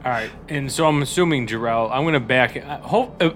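A man's voice: medium pitch, a little fast, a little hiss or hum. A man playing a tabletop game, chatting casually with a sarcastic, easygoing manner. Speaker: player.

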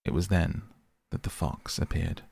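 A man reading a storybook aloud as narrator, measured and gentle. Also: sits low, little pitch movement, vocal fry, husky. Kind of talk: audiobook reading.

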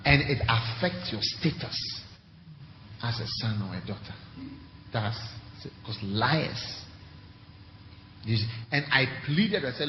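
A man preaching as bishop, emphatic, alternating quiet and loud, asking rhetorical questions. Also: a little high, slight background noise. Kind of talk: sermon. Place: large church hall. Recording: echoey hall, muffled.

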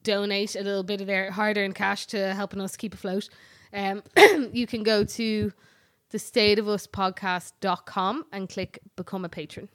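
A woman's voice: mid-range voice, fairly even intonation, moderate pace, a bit bright. A young adult woman with an Irish accent, co-hosting a podcast in casual, swear-filled chat. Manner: chatty, swears freely. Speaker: podcast co-host.

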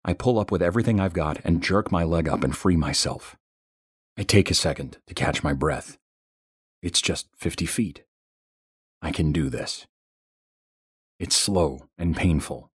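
A man with an extremely low, husky voice reads a first-person horror story in a tense, measured way. The recording is dry and close, with no room sound. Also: dry recording. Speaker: narrator.

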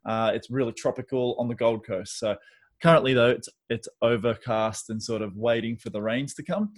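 An Australian man being interviewed on a podcast, his voice sitting at a middle pitch. He talks in an easygoing, chatty way and often breaks into a laugh. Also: normal speed. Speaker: podcast guest, business owner. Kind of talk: casual interview.

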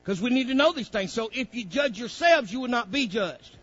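A man's voice: very high-pitched, animated, fairly quick, fairly bright tone, no echo, dull audio. A man leading a Bible study lesson for young students, folksy and preacherly, often saying "praise God". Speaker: Bible teacher.

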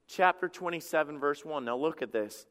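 High-voiced pastor preaching in a reverberant church. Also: male voice, normal speed. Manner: animated preaching with acted quotes and repeated stammered restarts. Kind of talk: sermon.

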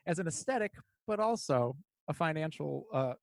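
A man chatting casually and telling animated, profane stories, talking in quick bursts. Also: a little high, gravelly, dry recording. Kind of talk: casual chat, storytelling.

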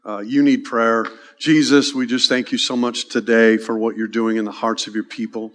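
A pastor introducing a testimony and praying, speaking casually with halting starts and many fillers. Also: male voice, medium pitch, little pitch movement, fairly bright tone. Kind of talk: sermon and prayer.

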